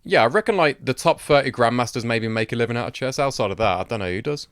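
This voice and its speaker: A man's voice: mid-range voice, animated, fast talker, a bit bright, no echo, studio quality. A man co-hosting a casual podcast with easygoing, playful banter and frequent laughter. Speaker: podcast co-host. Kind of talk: casual chat.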